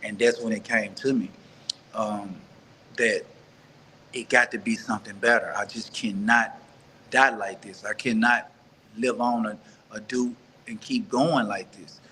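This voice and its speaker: A man from Mississippi recounts his life story to an interviewer in an earnest, halting way, stopping to restart and repeat his words. His voice sits on the lower side, with a faint hiss of background noise. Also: steady tone, pushed and bright, rough recording. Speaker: interview guest. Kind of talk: personal life story in conversation.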